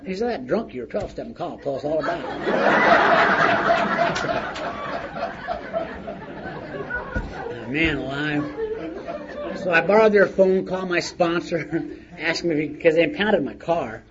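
A man's voice: on the high side, a little fast, a crowd in the background. A middle-aged man sharing his recovery story in a plain-spoken, storytelling way with chuckles. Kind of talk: recovery meeting share. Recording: muffled lo-fi recording with faint noise.

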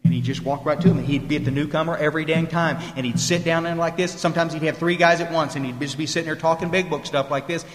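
Folksy male meeting speaker, emphatic, high-pitched, recorded live in a reverberant hall. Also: fairly even intonation, fast talker, hardly any pauses. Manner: folksy, emphatic, quotes people in voices. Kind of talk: recovery talk to a meeting. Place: meeting room.

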